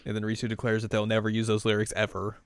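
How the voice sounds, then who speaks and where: A man's voice: lowish voice, completely flat delivery, fast, clean tone, no echo. A man hosting a podcast, chatting through an episode recap with fillers and laughs. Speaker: podcast host.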